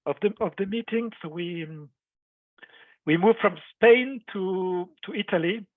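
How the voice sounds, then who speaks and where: A man moderating a webinar on a video call, losing his voice, hesitant and repeating words as he trails off softly. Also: sits high, measured pace, no room sound. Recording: phone-like thin audio.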